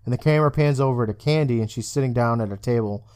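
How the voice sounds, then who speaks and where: A man's voice: mid-range voice, fast talker, clean tone. A man co-hosting a podcast, casually recapping a TV episode, swearing often and acting out the characters' lines. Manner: animated, swears often, acts out quoted lines. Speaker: podcast co-host.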